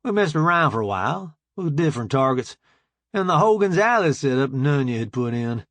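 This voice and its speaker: A man narrating a first-person audiobook in a relaxed, conversational way. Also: fairly high pitch, a little fast, no room sound.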